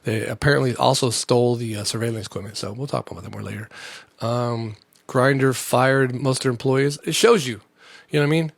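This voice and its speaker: Gravelly man rambling through a comedy podcast. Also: mid-range voice, brisk, no room sound. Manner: profane, rambling, jokey. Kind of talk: rambling solo podcast chat.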